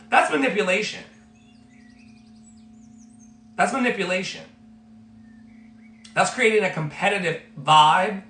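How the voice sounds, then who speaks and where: A man's voice: on the high side, pushed and bright, slight background noise. A man giving an emphatic motivational talk as a life coach, repeating his phrases like a preacher. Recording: echoey room with faint music.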